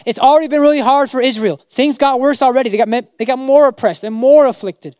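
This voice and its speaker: Man, pastor, sermon, high-pitched, dramatic storytelling, dry recording. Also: fast, darkish tone, no room sound. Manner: dramatic, voices biblical figures in casual modern speech.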